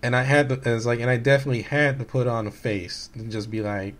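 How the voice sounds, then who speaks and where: A man's voice: mid-range voice, steady tone, quick pace, few pauses. A man in his late twenties or thirties talking casually on his own channel, rambling with many restarts and fillers, candid and hurt as he recounts what others said. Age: late 20s to 30s. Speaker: gaming YouTuber. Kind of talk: casual personal vlog talk.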